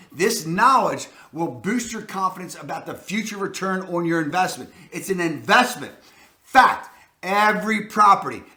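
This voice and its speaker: Baltimore guy hyping real estate tips, high bright voice, echoey room. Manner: emphatic and hyped, with catchphrases. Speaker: real estate agent host. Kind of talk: energetic advice talk to camera.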